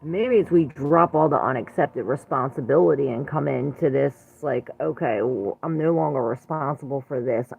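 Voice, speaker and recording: Woman, tarot reader, casual rambling reading, affectionate toward viewers, gravelly low voice. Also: a little mellow, poor audio. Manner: rambling, full of "it's like" and "you know"; sprinkles Spanish endearments.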